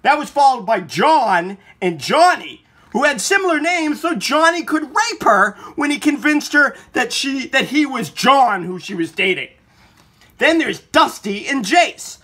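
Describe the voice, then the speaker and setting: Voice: high voice, very animated, a little slow, sharp tone, slightly rough. A filmmaker narrating a documentary and questioning people on recorded calls, blunt and indignant, swearing freely.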